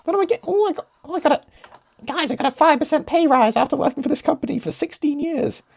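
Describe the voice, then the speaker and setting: A man putting on the voice of a whiny office worker in a mocking squeaky falsetto. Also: animated, fast, gravelly, full character voice.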